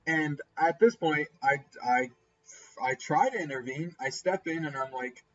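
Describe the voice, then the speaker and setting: A man's voice: normal speed, lo-fi sound. A man telling a casual story over gameplay, acting out the people he quotes with sudden jumps in his voice. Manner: animated, acts out quoted people with pitch jumps. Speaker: gaming storyteller.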